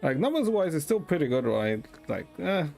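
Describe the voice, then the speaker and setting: Male streamer, deadpan and rambling, slightly high voice. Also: normal speed, vocal fry, soft background music. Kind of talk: casual chat with viewers.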